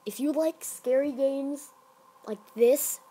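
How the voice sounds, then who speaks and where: A woman's voice: high voice, slow pace, dark tone. A woman hosting a horror game let's play, jumpy and exclaiming, often dropping to whispers. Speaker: gaming channel host.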